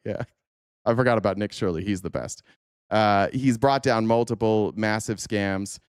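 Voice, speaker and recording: Male stream host, low clear voice, dry close sound, casual profane rambler. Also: darkish tone, no echo. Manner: profane, laughing, rambling with many fillers. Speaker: livestream host. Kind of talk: casual reaction commentary.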